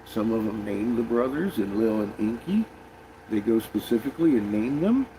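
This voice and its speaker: A man's voice: on the low side, expressive, moderate pace, mellow, slight background noise, low-quality recording. A man talking casually in a rambling monologue, swearing often and restarting his sentences. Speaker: conspiracy vlogger.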